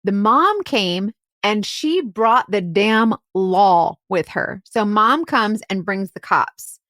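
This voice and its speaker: Animated, lively woman telling a case story. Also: takes it slowly, dry recording, clean studio sound. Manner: animated storyteller, acts out quotes in shrill outbursts, many "like"s and "right?"s. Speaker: podcast co-host and private investigator. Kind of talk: casual storytelling chat.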